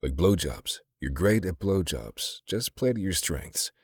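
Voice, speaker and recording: An easygoing young cowboy who teases in a low, unhurried way, as a man reads him in an audiobook. The voice is extremely deep and a little husky, and the recording is dry and close. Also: dry recording, full character voice. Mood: teasing. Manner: low, relaxed, dry teasing. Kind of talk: audiobook character reading.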